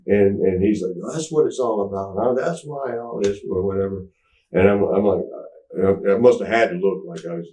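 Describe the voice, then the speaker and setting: A man's voice: on the low side, moderate pace, mellow. A man telling a candid story in an interview, rambling with restarts and acting out what people said. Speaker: interview guest. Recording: roomy, mic at some distance.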